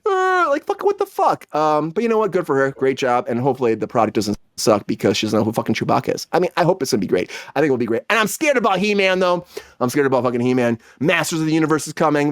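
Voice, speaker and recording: A man hosting a casual pop-culture podcast, ranting excitedly and swearing constantly. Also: medium pitch, no room sound, studio quality. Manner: excitable, profanity-heavy ranting. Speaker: podcast host.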